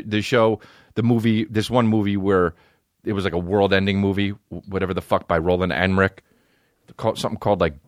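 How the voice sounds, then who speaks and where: Here a man with a voice on the low side hosts a podcast, spinning an animated, profane and rambling comedic tale with plenty of restarts. It's recorded in a clean studio with no echo.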